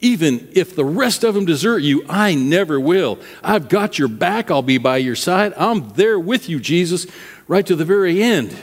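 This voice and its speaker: A preacher acting out a bold, eager disciple who vows loyalty in earnest, emphatic bursts, pitched a little above an everyday voice. Long hall reverb trails behind each line, as in a sermon recording. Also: male voice, animated, normal speed.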